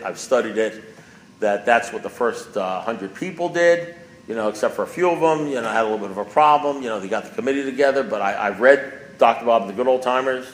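A man's voice: on the low side, fairly bright tone. A man giving a speaker talk at a recovery meeting, emphatic and repetitive, hammering his points home with rising force. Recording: echoey room with faint background noise.

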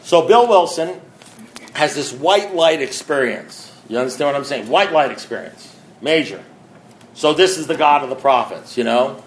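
A man's voice: medium pitch, expressive, normal speed, slight background noise. A man speaking at a recovery meeting, telling his story with wry, self-mocking humor and emphatic, repeated build-ups. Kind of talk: storytelling talk.

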